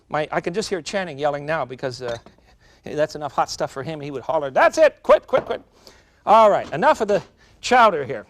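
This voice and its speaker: A man hosting a cooking show, demonstrating a recipe in a studio kitchen in a chatty, folksy way, talking straight to the viewers. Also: a little high. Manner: chatty, folksy and animated, addressing viewers directly.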